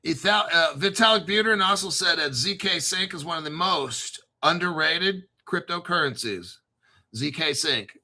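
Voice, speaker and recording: Excitable, swearing male crypto show host. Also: on the high side, moderate pace. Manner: excitable, profane, rambling, spells out names. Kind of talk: excited crypto commentary monologue.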